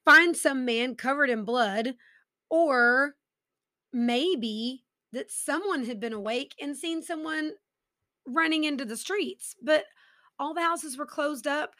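High, bright woman telling crime stories. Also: slow, dry recording, clean studio sound. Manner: conversational, with personal asides. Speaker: podcast host. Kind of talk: casual true-crime storytelling.

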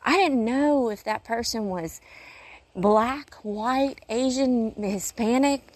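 A woman's voice: on the high side, takes it slowly, no echo. Earnest woman rambling about faith. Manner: paces while talking. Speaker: urgent care worker. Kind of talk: casual faith-based monologue.

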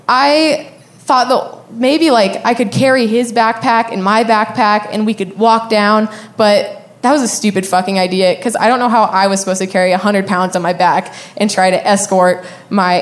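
A young adult woman casually telling a personal story, candid and profane, often laughing as she talks. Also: medium pitch.

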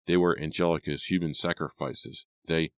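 A man voicing a stern, angry middle-aged father who speaks slowly through clenched teeth. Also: very deep voice, fairly even intonation, no echo, clean studio sound. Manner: slow, clenched, menacing.

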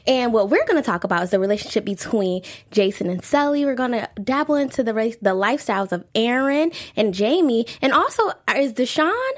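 A young woman hosting a casual TV recap show, bubbly and quick to laugh. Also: on the high side, lively intonation. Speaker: host.

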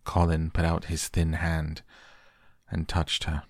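A man narrates a bedtime audiobook in a slow, soothing way. His voice is very deep and gravelly, and it stays flat and even. The sound is dry and close to the mic. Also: no echo. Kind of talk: soft bedtime audiobook reading.

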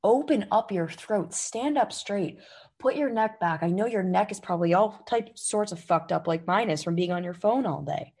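Husky-voiced woman coaching her listeners. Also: medium pitch, animated, moderate pace, darkish tone. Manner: emphatic, coaching, swearing freely. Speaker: podcast host. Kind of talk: motivational podcast monologue. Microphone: podcast microphone.

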